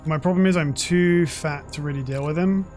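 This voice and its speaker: Male streamer, 40s, slightly high voice; loose, rambling, profane gaming chatter. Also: moderate pace, darkish tone, faint music behind. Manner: rambling and profane, swears freely. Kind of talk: casual chat while gaming.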